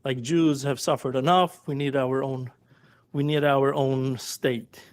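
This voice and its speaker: Male guest, Yiddish accent, slow and deliberate explainer. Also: mid-range voice, fairly even intonation. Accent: Yiddish-accented English. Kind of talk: measured explanation. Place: live audio chat room.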